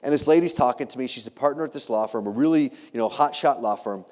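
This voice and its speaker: A man in his thirties giving a humorous storytelling keynote, animated and self-deprecating, teasing the audience with questions. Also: mid-range voice, fast talker. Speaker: keynote speaker. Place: large hall. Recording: long reverb of a large hall.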